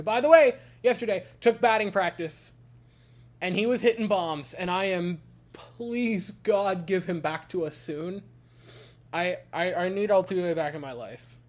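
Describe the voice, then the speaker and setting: A man giving a casual baseball game recap, ranting in an exasperated, animated way. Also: high voice. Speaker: baseball fan commentator.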